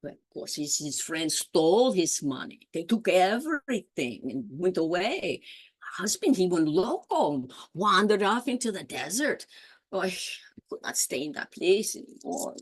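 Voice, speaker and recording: A woman's voice: lowish voice, breathy edge. A woman storyteller telling a folk tale aloud, slipping into Spanish phrases and acting out the characters' lines. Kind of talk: oral storytelling.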